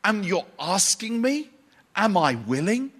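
A man's voice: high-pitched, sing-song, slow pace, a bit bright, pitched above the performer's own voice, full character voice. A man preaching a sermon and voicing Jesus as an impassioned grown man who exclaims in disbelief. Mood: incredulous.

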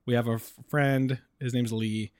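A man co-hosting a podcast in casual chat, teasing his friend in a dry, low-key way. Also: fairly even intonation, moderate pace, a little mellow, a little hiss or hum. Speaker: podcast co-host.

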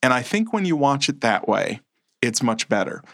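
A man co-hosts a movie podcast, chatting casually in a mid-range, sing-song voice that's gravelly and a bit bright, at normal speed. He rambles a little, corrects himself as he goes, and chuckles often. The studio-quality recording has no echo.

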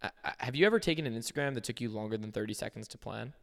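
A man's voice: medium pitch, rapid-fire, vocal fry, a bit bright. Young man rambling on a podcast. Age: young adult. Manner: rambling, many restarts and fillers. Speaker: podcast co-host. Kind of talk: casual chat.

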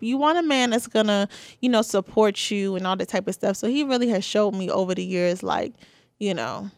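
A woman's voice: mid-range voice, no echo. Young woman, casual podcast chat, candid, filler-heavy, dry close mic. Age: 20s. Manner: chatty, candid, many "you know" and "like" fillers. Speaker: podcast host. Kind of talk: casual solo podcast talk.

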